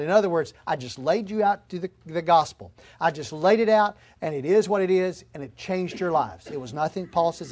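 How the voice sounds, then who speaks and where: Guy preaching a sermon, pretty high voice, earnest and emphatic. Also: animated, fairly quick, few pauses, a little mellow. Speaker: pastor.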